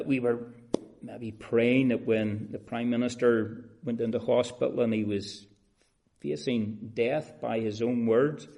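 A man preaching a sermon, shifting from soft, measured talk to loud, drawn-out emphasis and addressing listeners as beloved and friends. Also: medium pitch.

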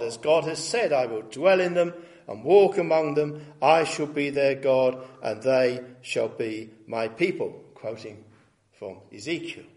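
A man preaching an expository sermon, reading scripture aloud with rising emphasis and stressing key words slowly. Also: on the high side. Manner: reads scripture aloud with rising emphasis, then comments plainly.

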